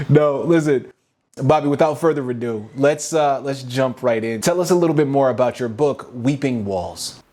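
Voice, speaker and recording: A man's voice: mid-range voice, moderate pace, mellow. A man hosting an interview podcast, talking enthusiastically and dropping "man" into his sentences. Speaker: podcast host.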